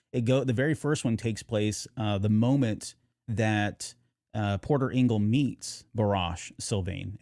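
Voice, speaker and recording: A man's voice: mid-range voice, darkish tone, no echo. Rambling male podcast co-host, dry close mic. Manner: rambling, many fillers and restarts. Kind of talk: casual chat.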